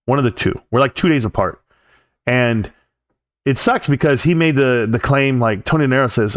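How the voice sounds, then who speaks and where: A man's voice: mid-range voice, moderate pace, dry recording, studio quality. A man with a California accent hosting a livestream, ranting heatedly and profanely in a rambling way. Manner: heated, profane, rambling rant with mocking quoted voices. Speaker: livestream host.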